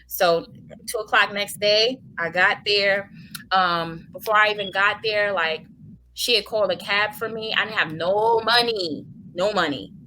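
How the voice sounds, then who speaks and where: A woman's voice: mid-range voice, measured pace, sharp tone, slight background noise, poor audio. A woman, a guest in an interview, telling a heartfelt personal testimony in colloquial speech with many fillers.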